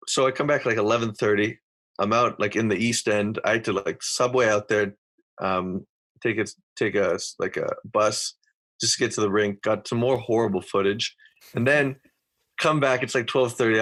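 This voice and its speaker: Young canadian guy rambling through a story, lots of likes and restarts, lowish voice. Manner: rambling, animated storytelling full of fillers and restarts. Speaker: podcast guest. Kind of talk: casual storytelling.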